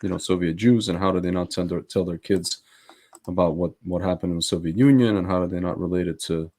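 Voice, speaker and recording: Low-voiced hesitant man. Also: fairly even intonation, warm tone. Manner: hesitant, halting, agreeable. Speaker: podcast co-host. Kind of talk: casual chat.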